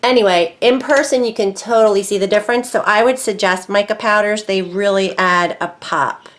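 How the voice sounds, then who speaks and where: A woman hosting a casual crafting tutorial, chatty and easily excited, talking to herself as she works. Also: mid-range voice, moderate pace. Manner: chatty, excitable, talks to herself while working. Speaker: craft video host.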